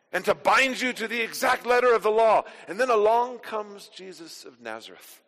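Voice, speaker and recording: A man preaching a sermon as pastor, emphatic, building to forceful declarations. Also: high-pitched. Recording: long hall reverb.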